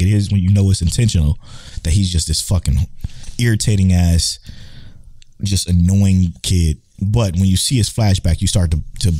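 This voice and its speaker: A man co-hosts a podcast in a low, dark-toned voice on a dry recording. The chat is casual; he swears freely, laughs a lot, and restarts his sentences.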